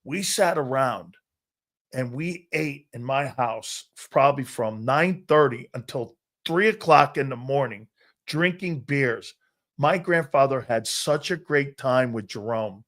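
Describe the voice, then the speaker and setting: A middle-aged man hosting a sports talk show, telling a profane, animated story and loudly acting out the people in it. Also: mid-range voice, unhurried.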